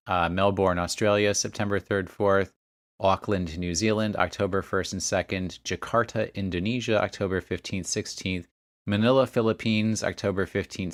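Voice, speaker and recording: A man's voice: low-pitched, fairly bright tone, no echo, studio quality. A man hosting a casual podcast, reading out a list of places and dates with chatty asides. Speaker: podcast host.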